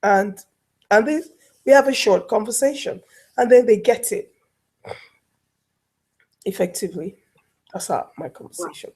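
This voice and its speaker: Her mid-range voice is animated yet a little slow, a little mellow and slightly rough, and she pauses often. As a life coach guesting on an online talk show, she shares everyday stories in casual interview talk and acts out little scenes.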